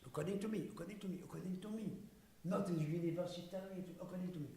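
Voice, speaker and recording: A man with a French accent, French by birth, giving a conference speech in halting, broken English that slips into French. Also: high-pitched, mellow, reverberant. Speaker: conference speaker. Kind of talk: public speech. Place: conference hall.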